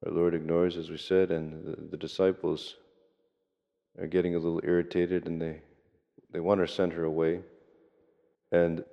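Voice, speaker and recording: Very deep, flat-voiced preaching monk. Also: male voice. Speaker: monastic priest. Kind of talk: sermon. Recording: long reverb, dull lo-fi sound.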